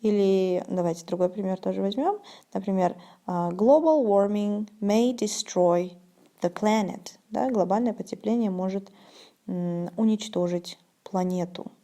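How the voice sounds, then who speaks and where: A woman teaching an English vocabulary lesson, saying each word slowly and clearly, then translating it. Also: mid-range voice, mellow. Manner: slow, deliberate pronunciation drills.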